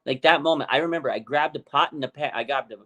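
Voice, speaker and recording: A man hosting a casual sports chat, telling stories in an excitable, emphatic way. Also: on the high side, fast talker. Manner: excitable storyteller, animated and emphatic. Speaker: podcast host.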